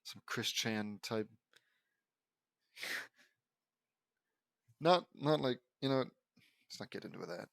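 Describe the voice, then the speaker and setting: A man's voice: medium pitch, expressive, slow, creaky, long pauses, a bit bright, dry recording. A man reading aloud in a dry, close voice. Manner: stumbling, rambling asides with restarts. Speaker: audiobook reader. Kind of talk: reading fan fiction aloud with commentary.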